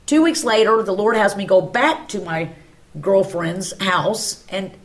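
A woman's voice: medium pitch, unhurried. A woman, a guest at a church round table, telling an emotional personal testimony and acting out the dialogue in her story.

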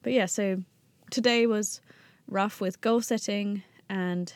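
A woman's voice: mid-range voice, steady tone, slow, no room sound. Young woman, podcast guest, loose and self-mocking, trails off often. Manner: chatty, self-deprecating, laughs often, trails off with fillers. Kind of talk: casual chat.

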